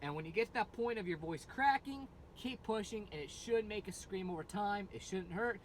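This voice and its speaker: A man's voice: sits high, animated, moderate pace, slight background noise. A man, a metal band singer, explaining his screaming technique in a loose, rambling way full of fillers and restarts. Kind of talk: casual vocal tutorial.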